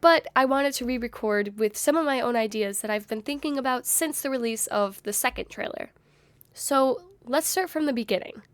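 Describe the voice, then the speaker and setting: A woman's voice: a little high, moderate pace, clear, resonant tone, no room sound. Strained-voiced young woman musing on theories. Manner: thoughtful, speculative. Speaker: YouTuber. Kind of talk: fan theory video essay.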